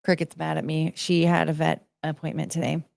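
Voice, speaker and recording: A young woman rambles through a casual live stream, chatting loosely with her viewers. Her voice sits fairly low, and the sound is dry and close with no room around it. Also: little pitch movement, a little fast, vocal fry, a little mellow, no echo. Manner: rambling, chatty, greets chat viewers by name. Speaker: livestream host.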